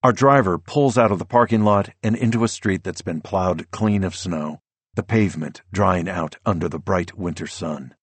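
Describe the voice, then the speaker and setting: A man with a very deep, slightly husky voice reads a first-person audiobook in a measured, tense manner. The sound is dry and close, with no room around it. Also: no echo. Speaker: audiobook narrator.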